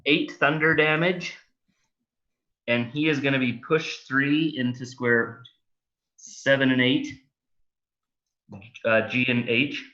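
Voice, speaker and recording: Bright-voiced male player, dull lo-fi mic. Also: mid-range voice, steady tone, takes it slowly, long pauses. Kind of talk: tabletop game play over voice chat.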